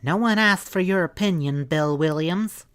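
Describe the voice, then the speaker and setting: A man's voice: fairly high pitch, unhurried, voice pushed up, natural voice. A man voicing a fiery, defiant young cowgirl with a throaty voice in a western audiobook. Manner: curt, defiant. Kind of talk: audiobook character voice.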